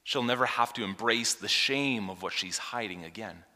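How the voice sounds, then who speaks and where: A man preaching a sermon, reading scripture aloud and explaining it, swinging from hushed asides to emphatic points. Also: fairly low pitch, moderate pace. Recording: long hall reverb.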